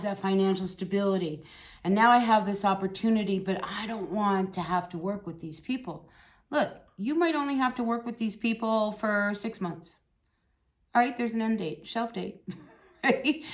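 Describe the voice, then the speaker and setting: A woman giving a casual, chatty tarot reading, encouraging and blunt, often tagging lines with "right?" and "you know". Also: medium pitch. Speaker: tarot reader.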